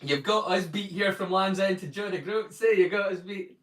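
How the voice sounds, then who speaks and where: A man's voice: high voice, moderate pace, a bit bright, reverberant, far from the mic. A man with a northeast Scottish accent chatting casually with viewers on a live stream, jokey and greeting people by name. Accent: Scottish, northeast (Doric). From northeast Scotland. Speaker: livestream watchalong host.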